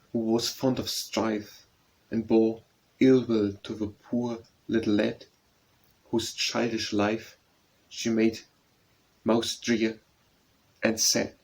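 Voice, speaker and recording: Slow, husky man reading poems. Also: lowish voice, darkish tone, low-quality recording. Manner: slow, measured verse recitation. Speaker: audiobook narrator. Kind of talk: audiobook poetry reading.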